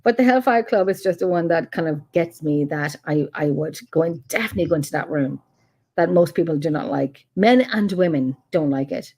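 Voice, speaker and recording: A middle-aged woman with an Irish accent, a paranormal researcher telling stories in a casual interview chat, animated and quick to laugh. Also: low voice, slight background noise. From Ireland. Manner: animated storyteller, laughs often, acts out quotes.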